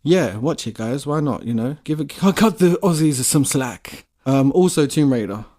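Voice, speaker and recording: A man's voice: medium pitch, expressive, normal speed, mellow. Profane, rambling male podcast co-host. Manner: rambling, profane, laid-back banter. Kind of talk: casual chat.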